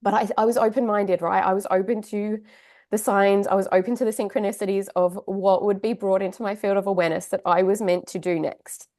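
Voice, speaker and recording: A woman in her thirties tells her own story as a podcast guest. Her voice sits at an ordinary middle pitch. She talks candidly and chattily, and her delivery is heartfelt. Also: fairly even intonation, brisk, a little mellow. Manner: candid, chatty, heartfelt, with laughs and side asides. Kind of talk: casual personal storytelling.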